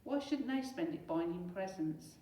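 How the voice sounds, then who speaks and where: A teacher reads a children's story aloud with lively expression. Her voice sits lowish. She sounds set back from the mic in an echoey room. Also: normal speed, far from the mic. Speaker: primary school teacher.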